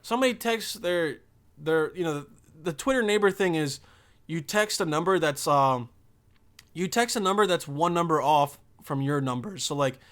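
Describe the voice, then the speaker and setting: A man's voice: on the high side, moderate pace, fairly bright tone. A young man hosting a podcast, talking in a loose, rambling and profane monologue. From Bosnia. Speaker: podcast host.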